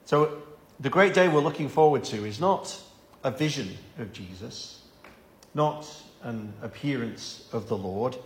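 A man's voice: medium pitch, expressive, measured pace, echoey room, slight background noise. A man preaching an evening Bible-study sermon, earnest and given to repeating words as he stresses a point.

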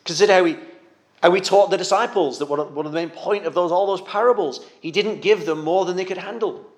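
A man preaching a sermon in an earnest, gentle pastoral manner, sometimes repeating a word as he goes. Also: high-pitched, quick pace.

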